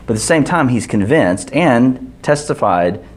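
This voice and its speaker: Lively man teaching a Bible class. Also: medium pitch, unhurried. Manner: asks the group questions, many restarts.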